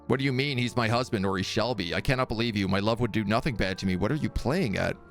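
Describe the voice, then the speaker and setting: A man's voice: lowish voice, fast talker, faint music behind, lightly acted. A man voicing a distraught young female ghost bride, a decayed spirit who pleads for help. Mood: indignant. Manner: pleading, distraught, then indignant.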